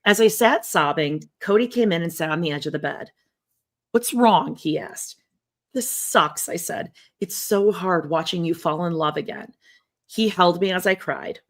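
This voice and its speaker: A woman co-hosting a podcast reads aloud from a memoir in a soft, lowered voice, a little slowly, stopping now and then for blunt, offhand remarks.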